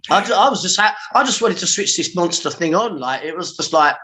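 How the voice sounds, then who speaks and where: A man in his forties with a London accent tells his stories in a casual podcast chat. His voice is bright and forceful, full of slang, and he acts out his own past reactions with vivid energy. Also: sits high, animated, brisk, slight background noise, poor audio. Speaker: podcast guest, former pirate radio engineer.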